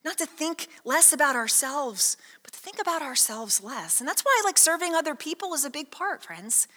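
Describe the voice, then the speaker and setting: A woman pastor preaches in a high, bright voice, talking through her sermon in a loose, conversational way full of asides and little stories. The sound rings with the long reverb of a big church hall. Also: moderate pace. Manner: conversational, lively storytelling with many asides.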